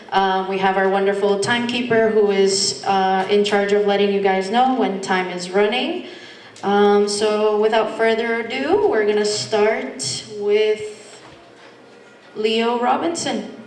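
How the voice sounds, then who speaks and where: A woman's voice: medium pitch, slight background noise. A woman moderating a candidate forum in a friendly, procedural way. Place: community meeting hall. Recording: echoey hall from far off.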